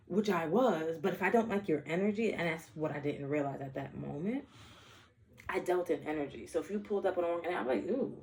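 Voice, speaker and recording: Blunt, rambling woman with a low voice. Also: animated, brisk, darkish tone, a little hiss or hum. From the Bronx, New York. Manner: blunt, profane, with playful asides and self-interruptions. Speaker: vlogger. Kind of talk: casual rambling monologue.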